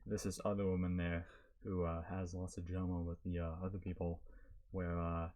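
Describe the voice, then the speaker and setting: A man's voice: sits low, flat delivery, normal speed, a little mellow. A young man co-hosting a podcast, telling work stories in a rambling casual way with lots of fillers and laughter. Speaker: podcast co-host. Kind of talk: casual chat.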